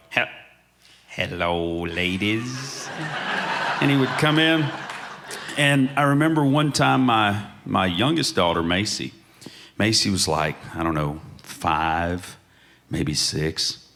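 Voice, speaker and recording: A man telling lively stories as a panel guest on a museum stage, often laughing as he gets to the punchline. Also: on the low side, unhurried, slight background noise. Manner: storytelling, laughs through punchlines. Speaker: panel guest, country singer. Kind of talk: animated anecdote telling.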